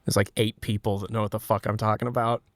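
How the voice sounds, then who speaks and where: A man's voice: on the low side, flat delivery, quick pace, no room sound. A man streaming from home, chatting casually, joking and laughing at his own bits. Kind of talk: casual chat.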